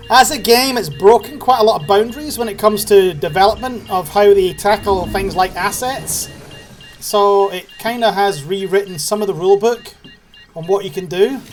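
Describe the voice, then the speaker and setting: A British man giving chatty, cheeky live-stream commentary while playing a game, swearing casually. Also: sits high. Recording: faint background noise.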